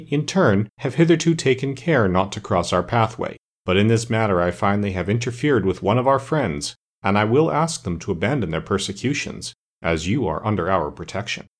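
A man voicing a grave, commanding ancient immortal master of the forests in a storybook reading. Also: on the low side. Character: stern ancient male immortal master woodsman.

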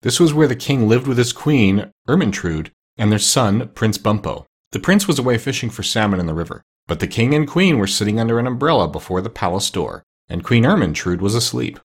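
A man reading a children's novel aloud as an audiobook, in a steady storytelling manner. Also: medium pitch, brisk, hardly any pauses, slightly rough. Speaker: narrator.

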